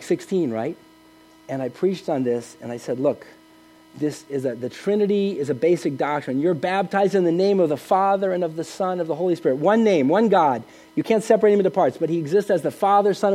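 A middle-aged man preaching in a high voice with a mellow, warm tone. He talks earnestly and conversationally, restarting phrases and asking rhetorical questions. A faint mains hum sits under the recording. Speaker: pastor. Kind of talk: sermon.

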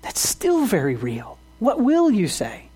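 A man's voice: high voice, huge pitch swings, unhurried, warm tone, husky, faint music behind. A man preaching a sermon as pastor, earnest, asking the congregation rhetorical questions and often restarting his words.

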